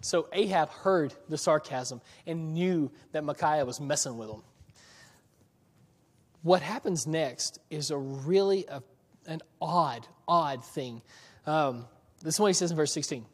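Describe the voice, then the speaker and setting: A man delivers a sermon in a casual, conversational way, asking his listeners questions and chuckling as he goes. His voice sits a little high for a man, and he slows down to act out the lines of the biblical characters. The sound rings with a long reverb, as in a large hall. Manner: conversational, asks the audience questions, chuckles often. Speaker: preacher. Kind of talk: sermon with scripture reading.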